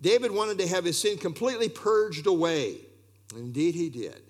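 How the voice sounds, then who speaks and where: Preaching at a moderate pace, this man has a high voice and an expressive style. He leans on rhetorical questions, with occasional fillers slipping in.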